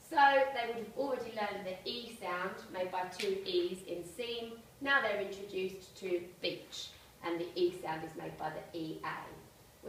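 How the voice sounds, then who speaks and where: Teacher in an echoey room. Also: female voice, mid-range voice, fairly bright tone, recorded from a distance, a little hiss or hum. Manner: clear, explanatory, spells out letters slowly. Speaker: primary school teacher. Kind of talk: presentation to parents.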